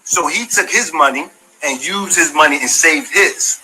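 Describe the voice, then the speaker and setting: A man's voice: fairly high pitch, normal speed, pushed and bright, rough recording. A man giving a heated, profane, confrontational monologue, speaking straight at the person he is calling out. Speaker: former community member giving his side. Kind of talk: heated monologue, addressing someone directly.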